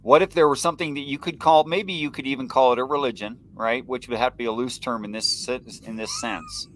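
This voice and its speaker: A man on a livestream panel arguing his view earnestly and telling stories with animated, put-on voices. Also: mid-range voice, fairly quick.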